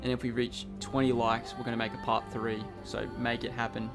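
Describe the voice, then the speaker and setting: A young man giving excitable, sweary let's-play commentary, quick to panic. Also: mid-range voice, vocal fry, music in the background. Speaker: gaming YouTuber.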